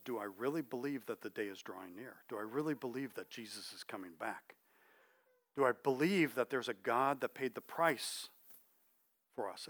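A middle-aged man preaching a conversational sermon, chatty and checking in with his listeners, dropping his voice softly for emphasis. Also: mid-range voice.

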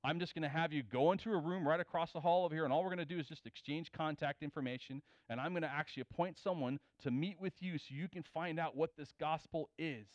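A man's voice: on the high side, quick pace, few pauses, dry recording. Conversational male preacher, dull dry recording. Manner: conversational, asks the audience questions. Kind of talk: sermon.

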